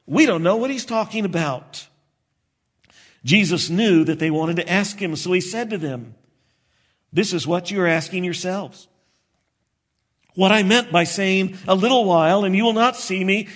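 A man preaching a sermon, expressive and slowing down for emphasis. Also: high voice. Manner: expressive preaching, acts out disciples' voices, slows for emphasis. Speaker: pastor.

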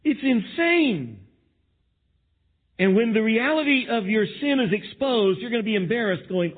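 A pastor preaches in a lively sermon voice, slipping into other voices to act out what people say. His voice sits high and a little husky. The audio is thin and tinny, like it came over a phone line. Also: a little slow.

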